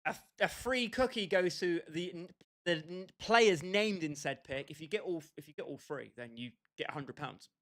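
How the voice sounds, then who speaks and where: A man's voice: a little high, expressive, moderate pace, fairly bright tone. A young British man casually chatting with his livestream viewers, bantering with them by name and laughing often. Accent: British English. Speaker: streamer.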